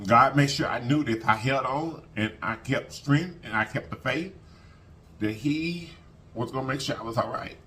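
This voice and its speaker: Bright-voiced man telling a heartfelt story. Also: mid-range voice, moderate pace, slight background noise. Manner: heartfelt, repeats phrases, thanks God often; colloquial, addresses viewers as y'all. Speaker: mukbang vlogger. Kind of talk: emotional storytime to viewers.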